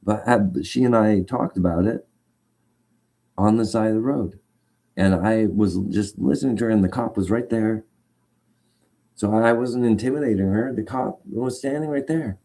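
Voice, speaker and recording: Rambling, agitated man with a dark voice. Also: on the low side, normal speed. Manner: rambling, agitated storytelling with many restarts. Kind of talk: casual rant.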